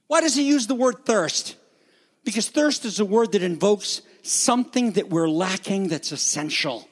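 This is a male pastor with a high-pitched voice delivering a sermon. He's animated and playful, dropping into quiet asides and rising for emphasis. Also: normal speed, husky. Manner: animated, jokey, varies loudness for emphasis.

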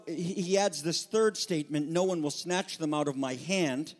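A man preaching a sermon with passion, moving between loud emphatic peaks and hushed, intimate asides. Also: on the high side, moderate pace, long reverb tail. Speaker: pastor.

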